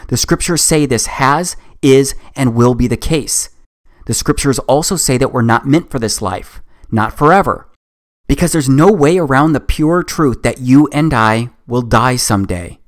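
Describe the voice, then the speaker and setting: A man's voice: mid-range voice, lively intonation, normal speed. A man giving a scripted documentary voice-over, speaking with earnest, preaching conviction. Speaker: documentary narrator.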